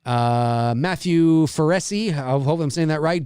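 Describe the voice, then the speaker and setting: A man's voice: fairly high pitch, unhurried, few pauses, a little mellow, smooth, dry recording. Middle-aged guy from canada cohosting, rambly, lots of "you know", dry close sound. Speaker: podcast co-host. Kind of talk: live commentary chat.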